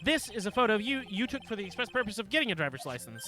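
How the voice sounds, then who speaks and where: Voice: medium pitch, very animated, racing, sharp tone, faint music behind, pitched above the performer's own voice. A streamer voicing a haughty, stern female prosecutor from a courtroom game with a put-on accent and a clipped, scolding delivery. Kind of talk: reading game dialogue aloud.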